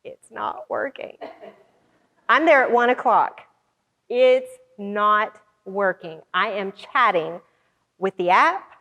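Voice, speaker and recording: In a storytelling talk, a conference organizer recounts her work in an animated way, performing others' quoted lines herself. Her voice is mid-range, she speaks slowly, and she is in a large hall.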